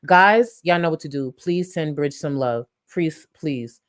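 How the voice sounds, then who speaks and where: A woman with a notably low voice hosts a live reaction stream. She talks bluntly and mockingly, throwing in crude jokes and plenty of profanity as she comments on clips. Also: unhurried.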